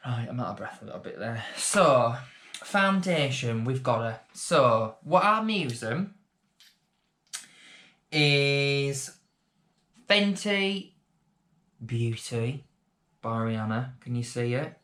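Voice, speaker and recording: A man's voice: mid-range voice, animated, slow pace, long pauses, fairly bright tone. Guy doing a makeup vlog at home, chatty and rambly, pokes fun at himself. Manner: chatty, self-deprecating, rambling asides. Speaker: beauty vlogger. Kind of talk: casual makeup tutorial vlog.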